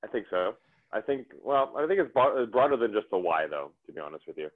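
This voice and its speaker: A man talking casually as a podcast guest, animated and rambling with restarts. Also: lowish voice, brisk, no echo. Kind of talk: casual conversation. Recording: dry, phone-like narrow sound.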